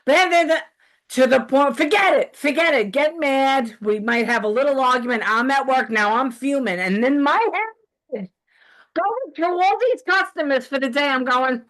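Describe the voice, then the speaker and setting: A woman hosting a podcast, ranting in a heated, profane, animated way in casual chat. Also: high-pitched, moderate pace. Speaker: podcast host.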